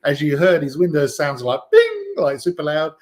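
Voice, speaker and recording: British male host, slightly high voice, chatty and rambling, casual livestream. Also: wildly swooping pitch, normal speed. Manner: chatty, rambling, lots of ums and uhs. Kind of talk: casual live-stream chat.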